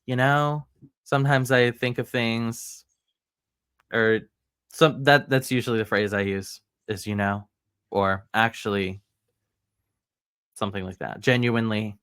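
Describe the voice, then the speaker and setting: A podcast guest from Maryland, a man, speaks very slowly and hesitantly. He breaks into laughter often and trails off mid-thought. The recording is close and dry. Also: medium pitch, fairly even intonation, fairly bright tone, clear, resonant tone, dry recording. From United States, grew up in Maryland. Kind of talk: casual chat.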